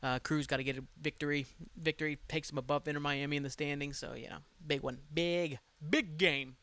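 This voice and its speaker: A man hosting his own podcast from home, chatting casually in a rambling, excitable way, swearing freely and sounding tired. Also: on the high side, quick pace, smooth. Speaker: podcast host. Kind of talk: casual solo podcast chat.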